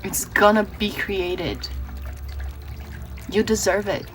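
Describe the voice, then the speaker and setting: A woman's voice: mid-range voice, steady tone, takes it slowly, a bit bright, faint music behind, low-quality recording. A woman from Brazil giving a tarot reading, earnest and emotional, often restarting her words. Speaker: tarot reader.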